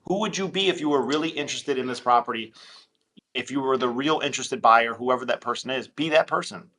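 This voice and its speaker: A man with a bright, forceful voice talking shop on a casual group call. He is animated and slips into quick impressions of callers as he talks. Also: medium pitch. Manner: animated, acts out phone calls in quick voices. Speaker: real estate investor.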